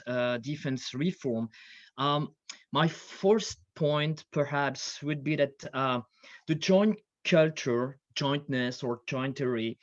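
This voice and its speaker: A man, presenting at a defense conference panel in a measured, hesitant way with many fillers. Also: mid-range voice, no room sound. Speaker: panelist, lecturer in political science. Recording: dry, dull lo-fi video call audio.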